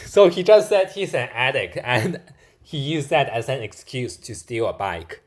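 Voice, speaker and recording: Man, casual reaction commentary, indignant, mid-pitched. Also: animated, a little slow. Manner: indignant, plain-spoken, with slips and restarts. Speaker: video reactor. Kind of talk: casual commentary over a news clip.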